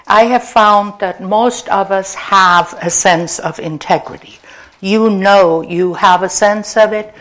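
A woman giving a gentle, conversational inspirational talk to a congregation. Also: mid-range voice. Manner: gentle, unhurried, conversational with fillers. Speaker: spiritual speaker.

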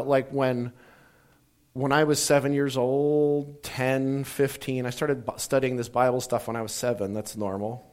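A man giving a casual teaching talk, rambling through stories and acting out little bits of dialogue with jokes. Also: mid-range voice. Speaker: speaker teaching about Bible translation.

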